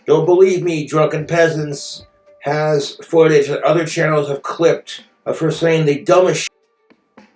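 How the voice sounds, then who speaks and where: Angry cursing guy ranting, kinda high voice, echoey room, faint music under it. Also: fairly even intonation, measured pace, a little mellow. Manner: bitter, profane, indignant. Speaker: streamer telling his story. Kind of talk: angry personal rant.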